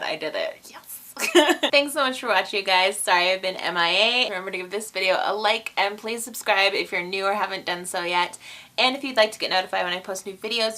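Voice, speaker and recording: A chatty woman of about thirty talks to camera in a casual vlog, bubbly and quick with her asides. Her voice is bright and forward, sitting at a middle pitch for a woman. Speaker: vlogger.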